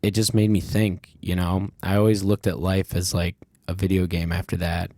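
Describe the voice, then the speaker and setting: A man's voice: low voice, level tone, normal speed, warm tone, dry recording, clean studio sound. A man hosting a podcast, telling a childhood story in a rambling, candid way, swearing freely and leaning on fillers. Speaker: podcast host. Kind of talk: casual conversational storytelling.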